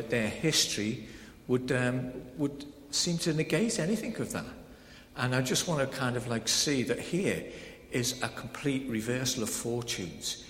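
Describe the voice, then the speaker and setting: A man preaching a sermon in a conversational, animated way, swinging between loud proclamation and soft emphasis. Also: mid-range voice. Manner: conversational, with many fillers like "kind of, like". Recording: echoey hall with faint background noise.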